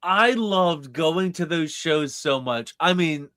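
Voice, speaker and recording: Excitable high-voiced man, dry sound. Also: slow, no echo. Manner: excitable, swears, stammering restarts. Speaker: podcast co-host. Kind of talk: casual chat.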